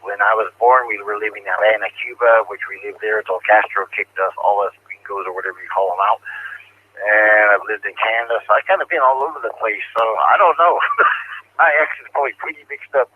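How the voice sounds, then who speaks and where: A man acting as net control on an amateur radio net, relaxed and friendly, calling stations by name. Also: fairly low pitch, brisk, slight background noise. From Hawaii. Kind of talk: casual radio net hosting. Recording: tinny two-way radio audio.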